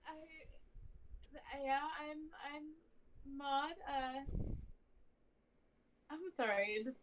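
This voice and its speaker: A woman's voice: medium pitch, fairly bright tone, rough recording. A woman playing a tabletop game who talks casually and hesitantly with many fillers. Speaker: player. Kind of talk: in-character roleplay.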